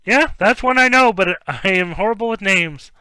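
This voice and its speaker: Opening packs on a live stream, this young man chats loosely and reads out player names, sometimes stumbling over them, rambling along with sudden flashes of excitement. He speaks at a moderate pace in a higher register. The tone is clean and there's no room sound.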